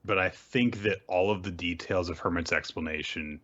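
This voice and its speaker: A man co-hosting a casual manga recap podcast, giving measured, hedging commentary. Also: low voice, a bit bright, husky, muffled recording. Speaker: podcast co-host.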